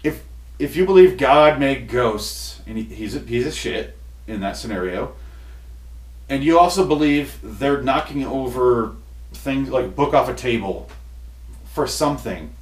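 A man hosting a comedy podcast, ranting in an exasperated, profane way, with his voice going hoarse. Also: medium pitch, lively intonation, measured pace. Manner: exasperated, profane, building to shouty outbursts. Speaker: podcast host. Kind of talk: comedic rant. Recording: roomy echo, distant mic.

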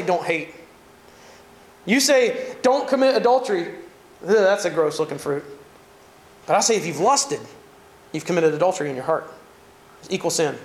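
Animated Southern preacher man, high voice. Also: roomy sound. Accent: Southern American. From Southern United States. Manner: animated, conversational preaching with jokes and asides. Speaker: pastor. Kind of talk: sermon.

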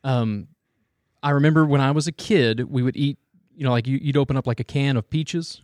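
A man's voice: medium pitch, fairly quick, a little mellow, no echo. A man in his thirties, a father of young kids, telling stories in casual chat with lots of fillers. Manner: rambling storyteller, many fillers.

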